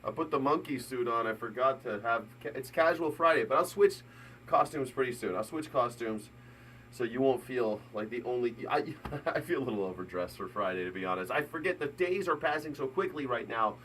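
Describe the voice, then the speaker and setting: A man's voice: medium pitch, expressive, fairly quick, slight background noise. A middle-aged man hosting a live news reaction stream, chatting casually and rambling with frequent laughs. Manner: rambling, jokey, laughs often, bursts into shouted mock voices. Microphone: desk mic.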